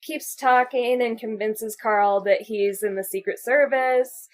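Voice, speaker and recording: Woman, podcast co-host, casual recap, quoting characters. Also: on the high side. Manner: animated retelling with quick quoted asides. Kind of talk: casual movie recap chat.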